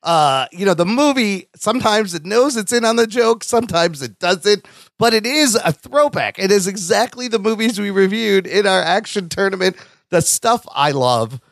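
Animated high-voiced man reviewing movies. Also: moderate pace, no room sound, studio quality. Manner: animated, drops low when quoting lines. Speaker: podcast co-host. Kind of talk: casual movie review chat.

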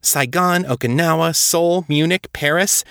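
A man's voice: a little high, measured pace, a bit bright, clean tone, no room sound, clean studio sound, pitched above the performer's own voice. A man reading aloud as a weary, outspoken woman officer, speaking bluntly and pressing her point.

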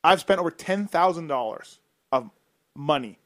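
High-voiced teasing male show host. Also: animated, normal speed, fairly bright tone, dry recording. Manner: teasing, laughs often, talks to callers. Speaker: podcast host. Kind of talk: casual studio banter. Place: radio-style studio.

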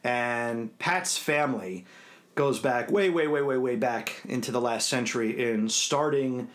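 Podcast co-host, man in his forties, earnest and measured, mid-pitched. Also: fairly bright tone. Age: 40s. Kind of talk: casual podcast chat.

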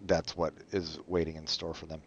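A man co-hosting a casual podcast chat about comics, rambling and making deadpan jokes, in a dull lo-fi recording. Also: very deep voice, normal speed, breathy edge, no room sound. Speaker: podcast co-host.

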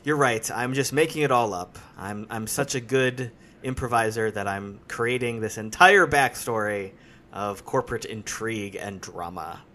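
Tired, self-mocking podcast host. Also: male voice, on the low side, normal speed, sharp tone. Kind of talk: casual chat.

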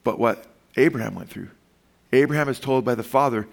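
Guy pastor preaching, earnest, drops soft then punches up loud, mid pitch voice. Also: animated, fairly quick, creaky. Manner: earnest, shifts between soft and emphatic. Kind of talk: sermon.

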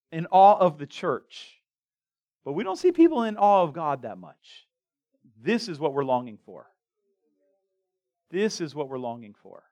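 A man with a fairly high voice preaches a sermon in a church. His delivery is casual and chatty, full of stammered restarts and asides to the congregation. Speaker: pastor. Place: church sanctuary.

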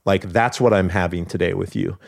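A man's voice: deep voice, fairly even intonation, a little fast, creaky. A man talking earnestly and reflectively as a podcast guest, laughing now and then. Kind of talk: casual conversation.

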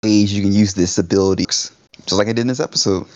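A man co-hosting a casual podcast, talking haltingly, searching for words and restarting. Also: fairly low pitch, fairly even intonation, darkish tone. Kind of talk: casual chat. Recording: dull lo-fi audio.

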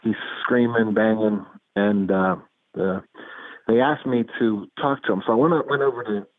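A man's voice: on the low side, steady tone, moderate pace, dry recording. A man, a psychologist guest in an interview, explaining earnestly with stories and often repeating words as he builds a point. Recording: tinny phone-like line, dry.

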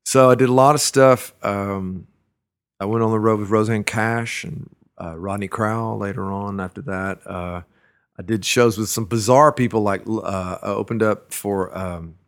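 A man's voice: lowish voice, fairly even intonation, moderate pace, clean tone. A middle-aged man, a musician, telling stories from his touring days in a loose, rambling way, full of fillers and restarts. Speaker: musician recalling his career. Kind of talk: casual storytelling interview.

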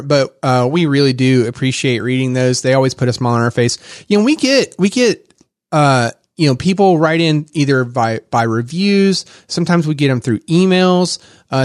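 A man hosting a podcast in casual chat, rambling with lots of fillers and quick laughs. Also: medium pitch, no echo, clean studio sound. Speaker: podcast host.

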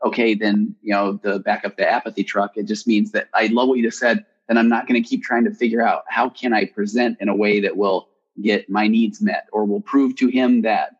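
A man with a low, husky voice hosts a podcast interview. He encourages his guest and keeps up steady short affirmations. The recording is dull and lo-fi. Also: brisk, hardly any pauses. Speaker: podcast host.

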